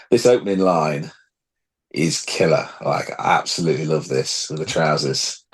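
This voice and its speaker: A man's voice: rumbling low, expressive, measured pace, slightly rough. A man co-hosting a podcast, rambling through his points in casual chat. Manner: rambling, many fillers and laughs. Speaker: podcast co-host.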